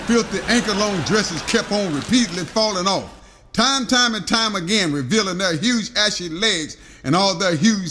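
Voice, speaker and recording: A man's voice: high-pitched, pushed and bright. A man narrating a rambling comic story, stringing long lists of insults with filler "uh"s.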